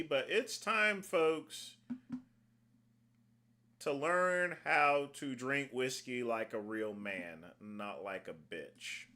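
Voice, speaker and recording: A man's voice: a little high, sharp tone, a little hiss or hum. A man hosting a livestream, making crude, mocking asides about the clips he plays. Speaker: livestream host. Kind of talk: casual commentary over played clips.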